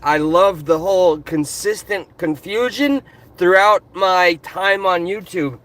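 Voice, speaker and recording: High, bright-voiced man ranting passionately. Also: slow. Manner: passionate, animated. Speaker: vlogger. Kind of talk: casual ranting commentary. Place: in his car. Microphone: phone camera.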